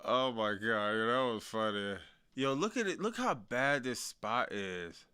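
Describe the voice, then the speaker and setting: A young man casually reacting to wrestling news, slangy and animated, laughing often. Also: medium pitch, unhurried, smooth. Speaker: wrestling commentary streamer.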